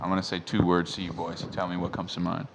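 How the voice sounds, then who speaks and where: Male podcast co-host, low gravelly voice, laid-back crude banter, faint noise. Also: completely flat delivery, fast. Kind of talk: casual chat.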